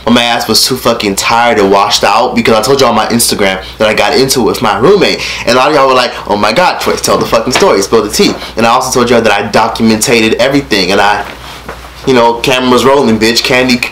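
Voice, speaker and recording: A man in his late teens telling a story over a casual mukbang meal at home. He rants in a profane, animated way and eats between sentences. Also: medium pitch, fast talker, slight background noise. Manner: eating while talking. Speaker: vlogger. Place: his rented room at home.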